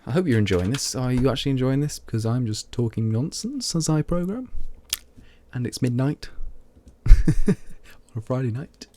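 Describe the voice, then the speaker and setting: A man's voice: mid-range voice, lively intonation, moderate pace, warm tone. A tipsy man streaming live, thinking aloud as he codes and chatting to viewers in rambling asides. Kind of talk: thinking aloud while coding.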